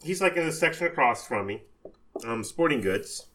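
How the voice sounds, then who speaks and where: Man, easygoing storyteller, bright voice, mid pitch. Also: moderate pace. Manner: relaxed storyteller, quotes coworkers and customers. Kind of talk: casual chat about retail work.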